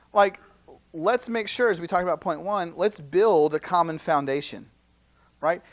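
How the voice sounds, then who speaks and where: Conversational man in his thirties teaching. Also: high-pitched. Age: 30s. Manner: conversational, full of rhetorical questions and "right?" tags; acts out quoted speakers in lively asides. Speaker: campus minister. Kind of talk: teaching talk at a youth seminar.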